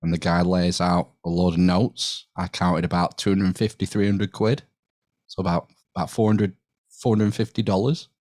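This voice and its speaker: Deep-voiced, laid-back British man. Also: little pitch movement, normal speed, darkish tone, no echo, clean studio sound. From United Kingdom. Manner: laid-back storyteller, swears and laughs easily. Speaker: podcast guest or co-host. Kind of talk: casual podcast chat.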